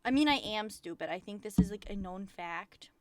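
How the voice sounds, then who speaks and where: A woman VTuber chatting casually on a livestream, rambling excitedly and swearing often. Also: medium pitch, normal speed. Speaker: VTuber streamer.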